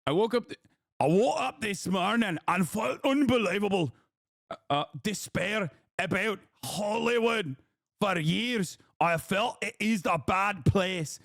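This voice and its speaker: A man putting on a Scottish woman's accent to mimic an indignant pundit, speaking slowly and solemnly. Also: medium pitch, lively intonation, gravelly, dry recording, clean studio sound. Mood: mock-solemn.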